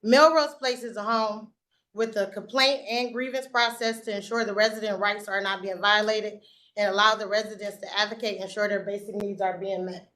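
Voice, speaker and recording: A woman's voice: medium pitch, fairly even intonation, normal speed, pushed and bright, low-quality recording. A woman reading a prepared statement to a zoning board in a public meeting room. She is earnest and stumbles now and then over her notes. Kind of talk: prepared statement read aloud.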